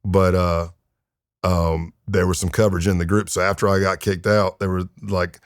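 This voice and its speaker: A man's voice: deep voice, normal speed, no room sound, clean studio sound. A man in his fifties, a retired undercover agent, telling his story casually as a podcast guest, with lots of fillers. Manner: animated, acts out quoted voices, many fillers.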